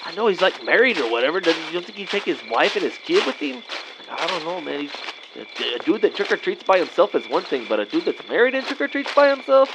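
A man's voice: a little high, very animated, fast talker, background noise. A man playing a laid-back guy, rambling in slangy drawled talk full of "man" and "vato". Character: laid-back Mexican-American guy trick-or-treating with buddies.

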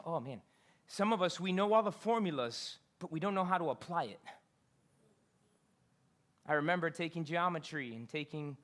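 A woman delivers a sermon in a church. She reads scripture out loud and drops to quiet, conversational asides, often asking the congregation questions. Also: low-pitched. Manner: expressive, swings between loud scripture reading and quiet asides. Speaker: preacher.

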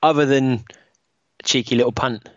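A man's voice: mid-range voice, steady tone, normal speed, dry recording, muffled recording. A man, co-hosting a casual podcast with joking, playful banter. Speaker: podcast co-host. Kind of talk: casual chat.

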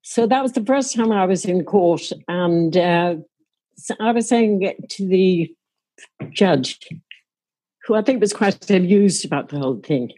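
A woman's voice: mid-range voice, expressive, measured pace, mellow, low-quality recording. An older woman recounting a story from her own past in a wry, amused way. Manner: wry, amused, laughs while telling. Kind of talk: casual spoken anecdote.

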